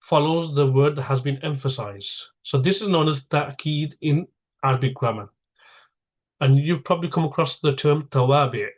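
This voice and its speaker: A man's voice: mid-range voice, dull audio. A man teaching an Arabic grammar lesson, explaining patiently step by step and asking and answering his own questions.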